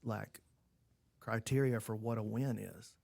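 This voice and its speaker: A man's voice: lowish voice, steady tone, unhurried, gravelly, darkish tone, dry recording. A man talking as a podcast guest in casual chat, earnest and fired up about the sport.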